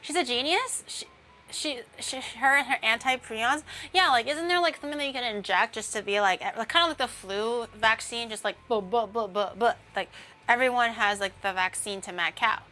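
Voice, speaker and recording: A young woman streams as a VTuber while baking at home, chatting casually with lots of fillers and playful tangents. Her voice is on the high side, brisk and sharp.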